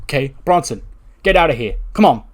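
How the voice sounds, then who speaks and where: A man voicing a loud, bossy older male wrestler who barks orders at his nephew, in a wrestling game playthrough. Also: on the high side, animated, fairly quick, voice pushed up, lightly acted. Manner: shouting, pushy, barking orders.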